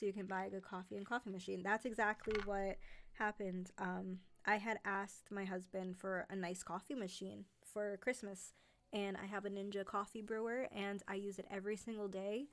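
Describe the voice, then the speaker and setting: A woman's voice: mid-range voice, steady tone, moderate pace. A woman talks casually with her viewers on a livestream, with a light New York accent. Her speech is loose and friendly and often filled with "like" and "um". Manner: chatty, many fillers like "like" and "um". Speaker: host of a horror narration channel.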